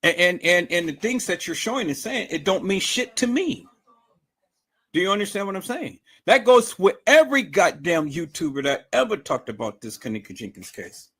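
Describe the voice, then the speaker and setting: Fired-up guy ranting on his livestream, aave, voice swings all over, kinda high for a man. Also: sing-song, moderate pace, a bit bright, husky. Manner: angry, profane, repetitive, confrontational. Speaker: livestream host. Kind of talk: heated livestream rant.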